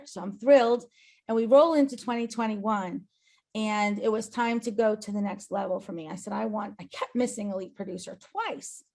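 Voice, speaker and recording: A woman who owns an agency gives an earnest, emphatic motivational talk on a company call. Her voice is medium-pitched with vocal fry, and she frequently checks in with "right?"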